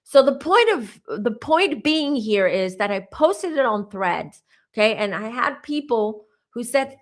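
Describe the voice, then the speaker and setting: A woman in her forties hosting a psychic channel, telling a personal story in a chatty, animated way with asides to her viewers. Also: on the high side, unhurried. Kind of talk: casual storytelling to camera.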